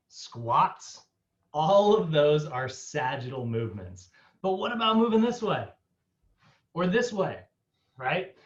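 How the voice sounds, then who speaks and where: A fitness instructor leads an online class casually and upbeat, scattering fillers and quick laughs through his talk. His fairly high, slightly bright voice comes over a dull, lo-fi video call line.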